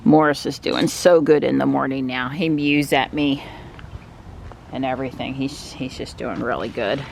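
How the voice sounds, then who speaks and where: A woman's voice: a bass voice, steady tone, normal speed, gravelly, a little hiss or hum. A woman vlogger chatting casually while driving, laughing often. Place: inside a car.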